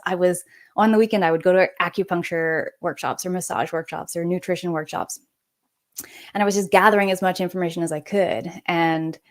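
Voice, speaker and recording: A woman in her forties, a naturopathic doctor and podcast guest, telling a personal story in a lively, conversational way and acting out the people she quotes. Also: lowish voice.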